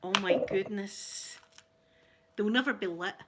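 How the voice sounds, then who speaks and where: A Scottish woman chatting through a gift unboxing at home, gushing and laughing easily, slipping between soft near-whispers and excited exclamations. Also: medium pitch, a little slow, heavy background noise. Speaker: ASMR vlogger. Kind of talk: casual unboxing chat.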